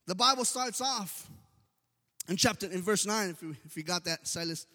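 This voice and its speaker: A man with a very high, bright voice delivers a sermon in an emphatic, rising and falling preaching cadence. His words ring out with a long echo, as if spoken in a large church hall. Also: lively intonation, moderate pace. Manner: emphatic, sing-song preaching cadence with frequent "amen".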